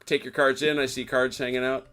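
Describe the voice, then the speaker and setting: A man running a tabletop wargame as game master, relaxed and guiding players through the rules. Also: mid-range voice, a little fast.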